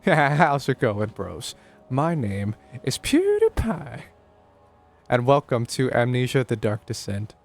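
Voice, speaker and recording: A man's voice: mid-range voice, wildly swooping pitch, takes it slowly, faint music behind, full character voice. A man doing a hammy Swedish gamer greeting. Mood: hyped. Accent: put-on Swedish. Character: exaggerated Swedish gaming youtuber, young man.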